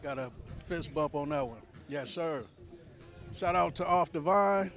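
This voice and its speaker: A man's voice: on the high side, measured pace, a bit bright. A man vlogging food reviews at an outdoor market, hyped and slangy, calling everyone man. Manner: hyped slangy chatter, says man a lot. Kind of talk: casual food review vlog.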